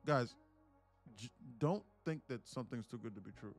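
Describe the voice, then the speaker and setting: A man's voice: mid-range voice, normal speed, soft background music. A man hosting a live day trading stream who tells stories and swears freely. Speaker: day trading livestream host. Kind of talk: casual livestream talk.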